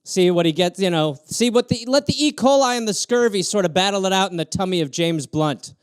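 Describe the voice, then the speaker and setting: A man with a fairly high voice riffs alone on viewer prompts, sarcastic and animated. The sound is dry and close, with no room around him. He jumps between rants and quick mock asides. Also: clean tone, no room sound. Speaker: comedian host riffing on viewer prompts. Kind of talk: solo improvised comedy riff on a livestream.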